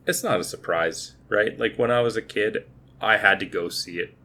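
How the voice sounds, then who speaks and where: A man's voice: fairly low pitch, moderate pace, sharp tone. A man in his thirties co-hosting a podcast, chatting casually and restarting his words as he thinks. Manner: talkative, repeats words while thinking. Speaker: podcast co-host. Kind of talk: casual movie review chat.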